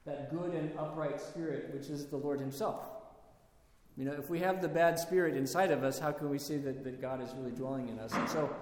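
A man's voice: on the high side, fairly quick, a little mellow. Man preaching in an echoey hall. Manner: storytelling, conversational with rhetorical questions. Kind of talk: sermon.

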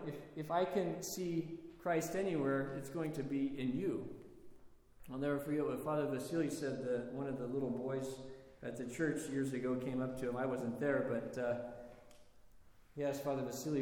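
A man giving a sermon, telling stories in a halting, conversational way with many restarts. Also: medium pitch, steady tone, warm tone. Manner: storytelling, halting with restarts and fillers. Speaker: preacher. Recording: echoey hall with long reverb.

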